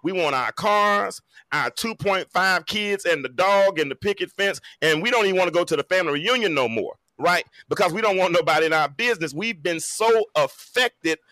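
A man's voice: sits high, lively intonation, moderate pace, hardly any pauses, bright, forceful tone, no echo. A man in his forties speaking on a talk show panel, emphatic and preacherly, with folksy jokes. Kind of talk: animated panel discussion.

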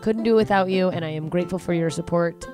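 A woman's voice: on the low side, fast. Sarcastic woman hosting a podcast, music underneath. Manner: blunt, sarcastic, swears freely. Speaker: podcast host. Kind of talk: casual podcast chat and outro.

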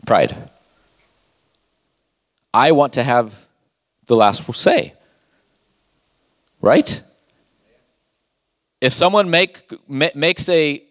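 A man's voice: a little high, fairly bright tone, no room sound, studio quality. Emphatic male pastor preaching. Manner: emphatic, rhetorical questions, reads scripture aloud. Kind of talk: sermon.

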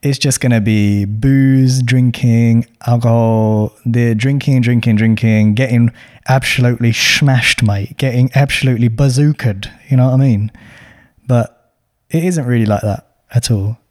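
A man's voice: mid-range voice, steady tone, measured pace, a little mellow. A man, hosting a podcast and giving chatty, slang-filled advice to students. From London. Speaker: podcast host. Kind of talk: casual advice chat.

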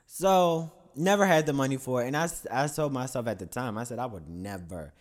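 A man's voice: medium pitch, a little fast. A man telling a crude, candid confessional story to his listeners, rambling through self-corrections and laughing at himself.

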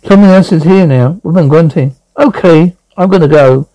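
A man's voice: fairly high pitch, normal speed, dark tone, rough recording. A man hosting a comedy podcast, recapping scenes in a scattered, jokey way and reading out stage cues. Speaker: podcast host. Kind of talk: comic recap acting out scenes.

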